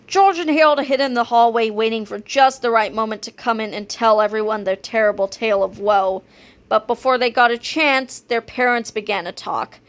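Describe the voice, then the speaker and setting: A woman reading a children's chapter book aloud, with expressive, animated storytelling. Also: fairly high pitch, normal speed. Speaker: read-aloud narrator.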